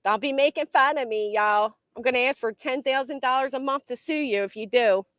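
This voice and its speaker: A woman's voice: high-pitched, a little fast, a bit bright, dry recording, studio quality. A woman hosting a casual commentary livestream outdoors by a tree, jumpy and swearing a lot as she talks to her chat.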